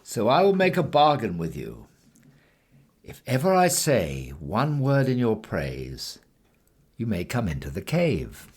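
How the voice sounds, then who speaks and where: A man's voice: fairly low pitch, huge pitch swings, measured pace, darkish tone, breathy edge, pitched above the performer's own voice, heavily acted. A man voicing a wise, self-assured cave woman who teases and bargains in a storybook reading. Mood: bargaining.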